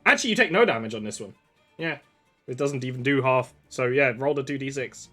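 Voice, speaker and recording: A man narrating a tabletop role-playing session as game master, casual and quick with laughter. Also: mid-range voice, expressive, over music.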